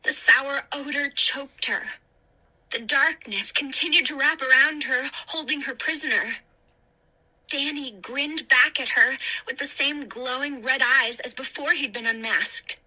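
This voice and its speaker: A woman reading a spooky story aloud in a slow, deliberate, dramatic way. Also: sits high, bright, forceful tone, low-quality recording. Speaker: narrator. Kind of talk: audiobook reading.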